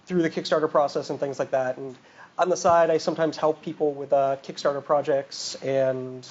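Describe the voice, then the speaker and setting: Casual man with a fairly high voice. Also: steady tone, normal speed, a little mellow, muffled recording. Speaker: publishing business director. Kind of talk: panel discussion.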